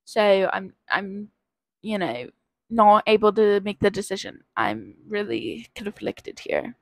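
Her voice sits in the mid range, very animated yet slow. This nineteen-year-old vlogger has covid and rambles hesitantly through a quiz in a casual video, making self-deprecating remarks, on a dry, rough recording.

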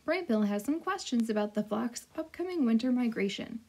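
Gentle robot mom, slow and formal, soft husky voice , woman reading aloud. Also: on the high side. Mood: calm. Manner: slow, even and formal, no contractions. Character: calm, polite robot mother, female. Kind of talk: storybook read-aloud.

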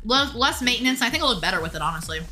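A woman's voice: a little high, lively intonation, rapid-fire, over music. A woman streaming a game live, chatting casually and answering her viewers' messages as they come in. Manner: chatty, reads chat aloud and answers viewers. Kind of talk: casual live-stream chat while gaming.

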